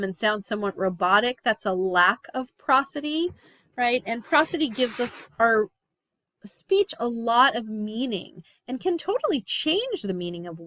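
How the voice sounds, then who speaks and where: A woman's voice: fairly high pitch, fairly bright tone, no room sound. Woman lecturing in a dry, close recording. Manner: explanatory, checks in with "right?" and "um".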